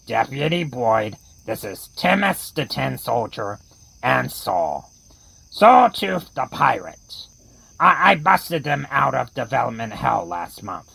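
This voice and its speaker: Gravelly, slow-talking woman horror host. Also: extremely low pitch, big pitch swings, fairly bright tone, poor audio. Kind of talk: horror comedy radio play.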